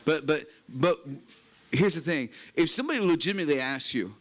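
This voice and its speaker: A pastor giving an earnest, emphatic sermon at a retreat chapel, reading scripture aloud and repeating key phrases. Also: male voice, fairly high pitch, expressive, a little fast, fairly bright tone.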